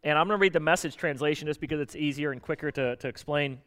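A man preaching a sermon in a conversational, animated way, often putting questions to his listeners. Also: on the high side, quick pace, clear, resonant tone. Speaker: pastor.

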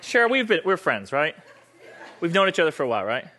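A man speaking on stage before an audience, animated, acting out dialogue in raised voices and repeating phrases for emphasis. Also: fairly high pitch, brisk, crowd noise, noisy background. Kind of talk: motivational talk with a live volunteer.

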